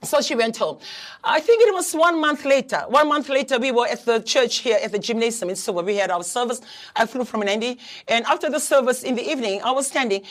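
Woman pastor, heartfelt sermon, pleading and earnest, slightly high voice. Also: brisk. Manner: earnest, pleading, repeats phrases, frequent hesitations. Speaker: pastor and prayer counselor.

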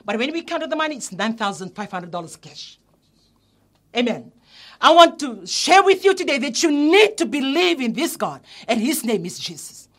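A woman's voice: high-pitched, sing-song, moderate pace, fairly bright tone. A woman pastor, telling a testimony and exhorting listeners in a sermon. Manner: earnest storytelling, rising to emphatic exhortation.

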